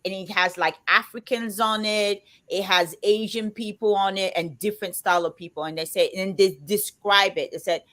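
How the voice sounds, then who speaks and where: A woman in her fifties who talks loudly and emphatically, as if shouting, chatting on a live show. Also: medium pitch, fairly even intonation, normal speed, few pauses. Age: 50s. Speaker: co-host of a live chat show. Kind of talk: casual chat.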